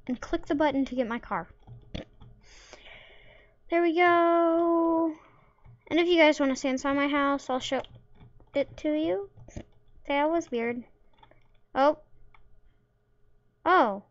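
A woman chats through her gameplay in a playful way, tossing in silly sound effects and jokes. Her voice is high and her pace unhurried. The recording sounds dull and lo-fi. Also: no echo. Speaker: gamer. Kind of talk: casual gameplay commentary.

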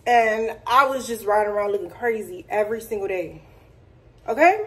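A young woman vlogging in a chatty, excitable, slangy way, talking straight to her phone camera. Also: mid-range voice, normal speed. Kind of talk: casual chat to camera.

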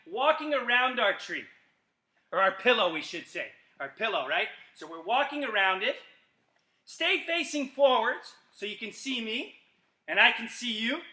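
A middle-aged man, a gymnastics coach leading a live kids' exercise class from an empty gym, energetic and calling out commands with playful yells. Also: extremely high pitch. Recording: echoey gym.

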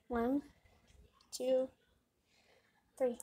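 A young girl hosting a casual food-tasting vlog, chatty and excited, getting loud when she tastes. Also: a little high, moderate pace, very noisy. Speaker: vlogger.

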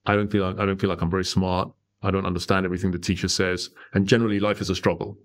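Discouraged young grandson, quoted by a man in his own deep voice. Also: flat delivery, rapid-fire, natural voice. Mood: downcast.

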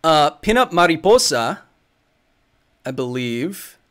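A man's voice: a little high, very animated, slow, a bit bright. A man in his thirties hosting a casual livestream Q&A, answering viewer questions about science. He thinks aloud and rambles, with many fillers and restarts.

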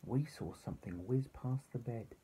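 A man voicing a timid small male toy bear in a storybook, speaking in a high, breathy whisper. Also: moderate pace, warm tone. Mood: nervous.

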